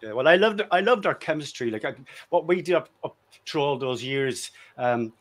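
A man's voice: fairly high pitch, lively intonation, moderate pace, fairly bright tone. A man, a guest in a casual chat, telling jovial, self-deprecating anecdotes. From Ireland.

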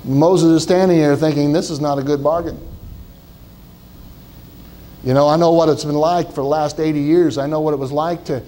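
A man preaching a sermon in a mellow, fairly high voice, acting out the story in first person and stumbling over repeated words. A faint rumble and hiss sit under him. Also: fairly even intonation, a little fast, few pauses, low-quality recording. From Southwestern Ohio. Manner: dramatic retelling, voicing Moses in first person with many repeated words. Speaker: pastor.

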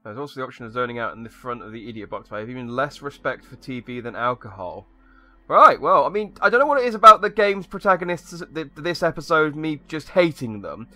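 A man's voice: medium pitch, very animated, quick pace, pushed and bright. A young man giving sarcastic, rambling commentary while playing a video game. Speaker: gaming YouTuber. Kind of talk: sarcastic let's-play commentary.

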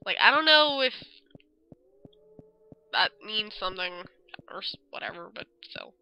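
A young woman casually commenting as she plays a game, reacting loudly and swearing freely. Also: medium pitch, measured pace, clean tone, low-quality recording. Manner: expressive and swearing, reads dialogue aloud. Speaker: let's play gamer.

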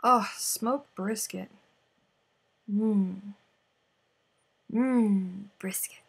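Woman host, casual live-stream chat, gravelly and unhurried, exclaims and mutters while crocheting. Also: medium pitch, fairly bright tone. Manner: chatty, exclaiming, mutters to herself while working.

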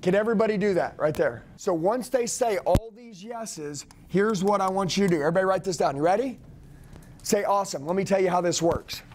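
A man with a somewhat raised voice coaches a room of salespeople. He talks in a forceful, commanding way and hammers home each phrase by repeating it. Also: high voice, fairly quick, a little hiss or hum. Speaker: sales trainer. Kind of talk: energetic live sales training.

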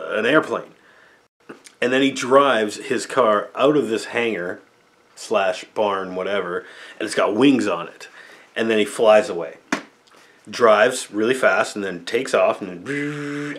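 A man with a fairly low voice reviews old films off the top of his head. His talk is loose and rambling, full of fillers and offhand asides. The tone is casual and unscripted. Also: a bit bright. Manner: rambling, loose, lots of "like" and "or whatever". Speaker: movie reviewer, channel host. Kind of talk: casual off-the-cuff movie review.

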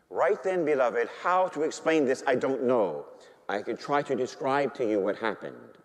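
A man's voice: mid-range voice, very animated, normal speed. A male Catholic priest preaching a sermon, telling his story animatedly and bantering with the congregation. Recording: long hall reverb.

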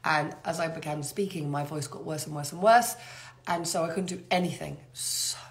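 A middle-aged woman runs a live question-and-answer session, reading greetings aloud and chatting through the answers. Her voice sits a little low and carries a trace of a fading cold. She talks close to the mic. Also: a little fast. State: getting over a cold. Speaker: host answering viewer questions. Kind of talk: live Q&A chat reading out comments.

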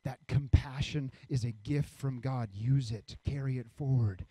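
A man's voice: mid-range voice, unhurried, mellow, slightly rough, dry recording. A man preaching a sermon as pastor, reading scripture and acting out the voices of people in the story.

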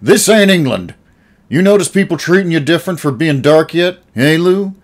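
A man voicing a gruff old junkyard caretaker who talks bluntly and sneers. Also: lowish voice, moderate pace, natural voice. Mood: furious.

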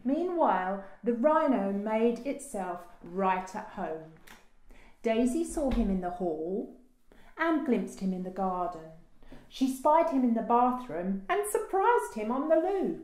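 A woman librarian reading a children's picture book aloud with slow, expressive storytelling. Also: a little high. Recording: roomy echo.

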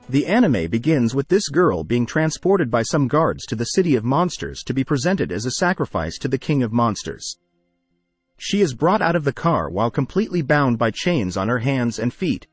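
A man narrating an anime plot recap in a steady, scripted storytelling manner. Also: mid-range voice, breathy edge, no echo. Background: faint music.

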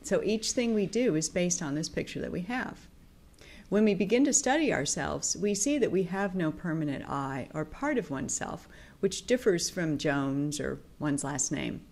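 A woman giving a calm explanatory talk as a teacher. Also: lowish voice, moderate pace, vocal fry.

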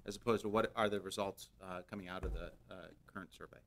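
Low-voiced executive man. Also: fairly even intonation, fast. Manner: earnest, repeats words, hesitant fillers. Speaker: company executive. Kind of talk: formal business remarks.

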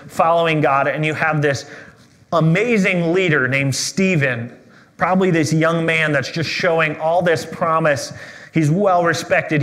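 A man preaching a sermon as pastor, conversational and animated, asking rhetorical questions and dropping to a hushed voice at reflective moments. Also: mid-range voice.

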